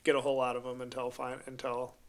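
A man co-hosting a podcast in casual chat, enthusiastic and excitable, laughing a lot. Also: medium pitch, quick pace. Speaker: podcast co-host.

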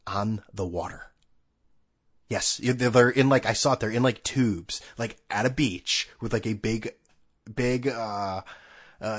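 A man's voice: fairly low pitch, breathy edge. A man hosting a podcast alone, rambling in a sarcastic, casual way and swearing freely. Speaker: podcast host. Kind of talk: casual solo chat.

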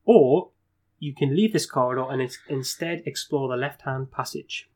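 A man's voice: medium pitch, mellow. A man reading a fantasy gamebook aloud and hosting the playthrough, with asides and stumbles. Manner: brisk narration with stumbles and asides. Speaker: gamebook reader and host.

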